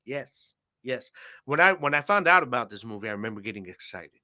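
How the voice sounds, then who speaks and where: Bright-voiced laid-back podcast host man. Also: mid-range voice, very animated, fairly quick. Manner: laid-back, slangy, lots of "man" and "you know". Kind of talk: casual solo podcast talk.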